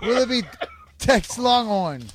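A man's voice: extremely high pitch, lively intonation, slow pace, background noise. A man hosting a mock dating game show, announcing contestants. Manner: announcing, coaxing. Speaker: host.

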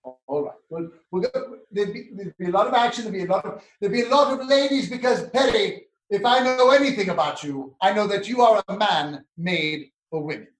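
A man's voice: high voice, a little fast, few pauses, reverberant. A man on a video call, talking in a prissy, theatrical and genteel way, as in a comic bit. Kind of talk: comic affected chat.

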